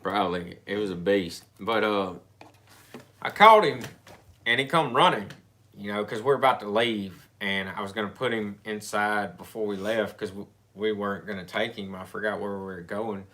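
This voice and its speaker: Guy rambling through a story, bright voice, lots of restarts. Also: lowish voice. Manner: rambling, halting, with many restarts. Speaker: storyteller in a couple's chat. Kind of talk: casual storytelling chat.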